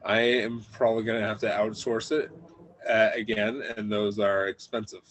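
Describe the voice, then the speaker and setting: A man's voice: on the low side, level tone, normal speed, fairly bright tone, rough recording. A man guesting on a podcast as an author, talking in an easygoing, rambling way. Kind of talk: casual podcast interview.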